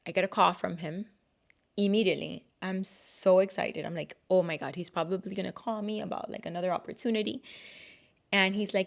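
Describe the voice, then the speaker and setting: A woman in her thirties, a podcast co-host, telling a personal story in a casual, animated way and acting out the people she quotes. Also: medium pitch, a little fast, creaky. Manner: animated, acts out quoted voices.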